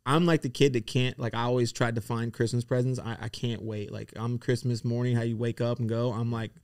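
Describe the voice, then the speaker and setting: A man co-hosting a podcast in relaxed, teasing conversation. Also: mid-range voice, a little fast, no echo, studio quality. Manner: conversational, teasing, laughs often. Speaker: podcast co-host. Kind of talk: casual chat.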